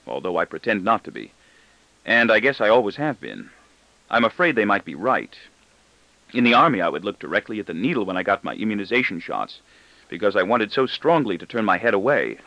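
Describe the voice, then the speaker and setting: Gravelly man narrating, wide-ranging. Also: on the low side, bright, forceful tone, no echo. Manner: wry, brooding first-person reading. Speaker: audiobook narrator. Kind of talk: scripted narration. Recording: dull dry lo-fi recording.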